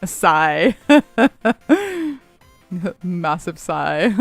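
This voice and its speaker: A man's voice: high-pitched, very animated, very slow, creaky, no room sound. A man streaming a game, chatting casually and rambling, laughing often as he answers chat. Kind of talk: casual live-stream chat while gaming. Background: faint background music.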